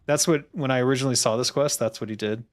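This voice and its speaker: A man's voice: mid-range voice, fast. A man chatting casually as he plays through a game, laughing often and poking fun at himself. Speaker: game designer streamer. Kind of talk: casual gameplay commentary.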